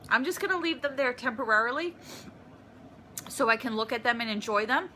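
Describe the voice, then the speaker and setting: Gushing, excited woman vlogger. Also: fairly high pitch, brisk, slight background noise. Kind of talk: casual unboxing vlog. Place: her apartment, indoors.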